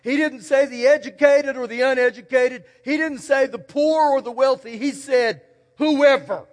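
A man's voice: very high-pitched, measured pace. A man preaching a sermon as pastor, folksy and emphatic, telling stories and repeating key words. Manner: folksy, storytelling, emphatic repetition. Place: church sanctuary. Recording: long church hall reverb.

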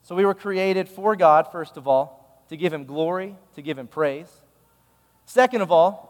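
A man's voice: on the high side, in a large hall. A male pastor giving a sermon, telling a story in a conversational, emphatic way.

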